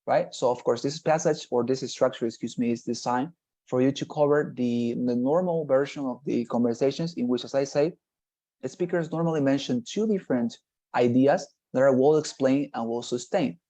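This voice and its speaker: A man's voice: medium pitch, normal speed, warm tone, lo-fi sound. A man teaching an online exam-prep class over a video call, explaining at length and checking in with the students. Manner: explanatory, repeats "nonetheless" and "right?".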